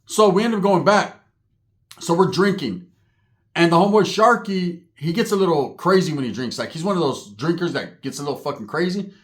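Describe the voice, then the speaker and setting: A man from Northern California spins a crude street story, swearing constantly and checking in with "right?". His voice sits a little high, and he tells it in a casual, animated way. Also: a little fast. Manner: profane, animated, rhetorical "right?".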